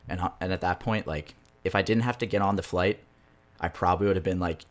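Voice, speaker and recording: A man's voice: sits low, steady tone, fast talker. A young man, a podcast co-host, telling a story in a rambling, casual way and swearing freely.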